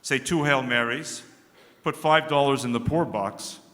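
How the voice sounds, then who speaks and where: A man playing a kindly Catholic priest hearing confession inside a joke. The priest speaks gently, in a routine pastoral tone. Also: mid-range voice, a little slow, natural voice. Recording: echoey large hall with long reverb.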